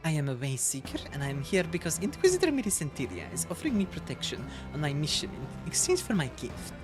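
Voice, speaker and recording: A cold, condescending ancient alien seer from a video game speaks in a low, hushed and solemn voice, put on by a woman reading the lines aloud. Every word looks down on the listener. The intonation rises and falls in wide swings, with soft music behind. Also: wildly swooping pitch, fast talker. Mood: haughty, solemn.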